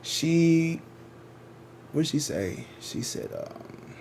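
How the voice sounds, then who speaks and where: A man's voice: on the high side, very animated, drawn-out words, a little mellow, a little hiss or hum. A man who reads tarot, chatting casually and rambling to his viewers, slangy and swearing freely. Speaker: tarot reader.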